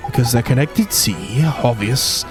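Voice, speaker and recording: A man's voice: medium pitch, expressive, measured pace, close to an everyday voice. A man voicing a chatty, boastful little male fairy sidekick in a Welsh accent, teasing and ending lines with tag questions, over game music. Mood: explaining.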